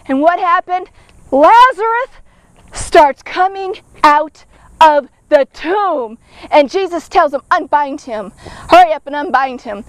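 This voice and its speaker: A woman with a very high voice gives a casual devotional Bible teaching. She talks like she is chatting with friends, checks in with her listeners often and acts out the people in the story with drama. The sound is dry and close. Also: no room sound. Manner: conversational, checks in often with "okay?" and "all right?".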